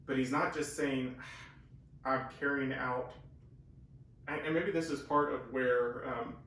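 A man with a medium-pitched, slightly bright voice talks at a slow pace with a steady tone. He co-hosts a conversational Bible teaching, earnest and emphatic, with restarts. Recorded on a camera mic from far off, the room is echoey and faintly hissy.

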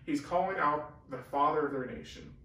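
A man whose voice is a little high, bright, and forceful speaks at normal speed while co-hosting a conversational Bible teaching. His manner is earnest and emphatic, with restarts. A camera mic records him from far off, giving an echoey room sound with faint hiss.

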